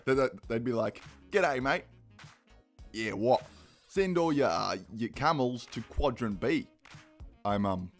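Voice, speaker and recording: A young man giving a comedic explainer, rambling and poking fun at himself. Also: mid-range voice. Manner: joking, rambling, self-deprecating asides. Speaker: YouTube creator explaining a project.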